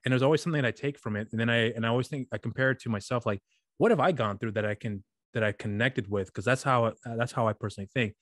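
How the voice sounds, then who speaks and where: Fast-talking man in his thirties. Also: mid-range voice, dry recording, clean studio sound. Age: 30s. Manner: rambling, many restarts, cheerful storytelling. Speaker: podcast host. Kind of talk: casual interview chat.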